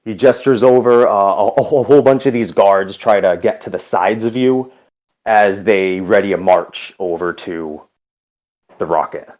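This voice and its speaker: A man narrating a tabletop game as game master, unhurried and with frequent hesitations. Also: fairly low pitch, fairly even intonation, a little mellow, highs cut off.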